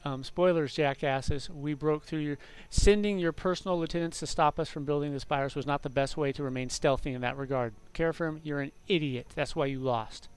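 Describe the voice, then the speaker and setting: A man's voice: a little high, a little fast, few pauses, smooth. A man rambling through gameplay commentary, talking to himself, mocking his own mistakes and swearing at the game. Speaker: game streamer.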